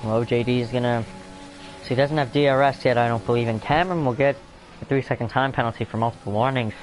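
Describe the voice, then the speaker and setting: Man, mid-pitched, offhand sim racing commentator who talks while eating; faint noise behind. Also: steady tone, quick pace. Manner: rambling, self-deprecating, talks while eating. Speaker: race commentator.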